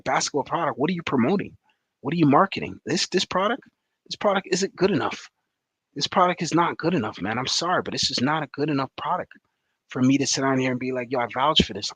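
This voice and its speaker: A man's voice: medium pitch, a bit bright, husky, dry recording. A man giving a rambling, frustrated post-game reaction as a fan commentator, full of fillers.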